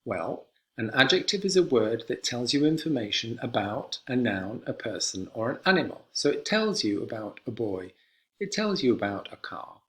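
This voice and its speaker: Man, English teacher, slow clear delivery, repeats examples, mid-pitched voice. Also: very animated, fairly bright tone. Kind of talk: classroom lesson.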